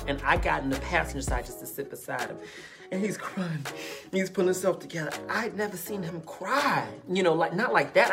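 A woman telling a personal story in a casual, animated way, calling the listener baby and honey. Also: low voice.

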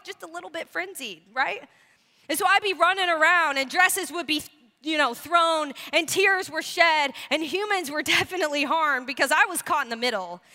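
A woman pastor giving a sermon, telling animated, self-deprecating stories to her congregation. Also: high-pitched, big-room sound. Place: church sanctuary.

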